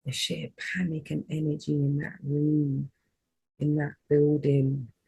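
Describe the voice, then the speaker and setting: Husky gravel-voiced woman. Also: low voice, level tone, takes it slowly, dark tone, low-quality recording. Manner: rambling, heartfelt, with fillers. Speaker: spiritual reader and healer. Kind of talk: emotional personal storytelling vlog.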